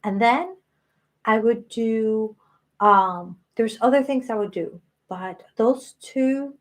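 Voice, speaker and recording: A woman's voice: on the high side, slow pace. A woman in her late thirties hosting a live stream, talking earnestly and emotionally about self-worth. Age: 30s. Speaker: spiritual channel host.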